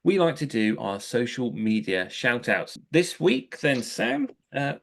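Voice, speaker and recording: A man's voice: mid-range voice, huge pitch swings, measured pace, gravelly. A man co-hosting a casual podcast, chatty and full of fillers and restarts. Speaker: co-host. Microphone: headphones, remote call.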